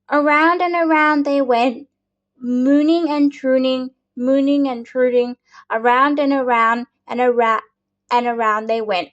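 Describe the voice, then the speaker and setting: A woman reading a children's picture book aloud, slowly and patiently, with small slips and restarts. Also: on the high side. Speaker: storyteller. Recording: dull lo-fi recording.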